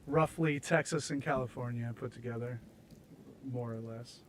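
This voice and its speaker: A man's voice: mid-range voice, normal speed, a little hiss or hum, rough recording. American male streamer, casual rambling chat, self-deprecating humor. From United States. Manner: rambling, self-mocking, laughs at his own jokes. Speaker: streamer host. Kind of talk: casual chat while building in a game.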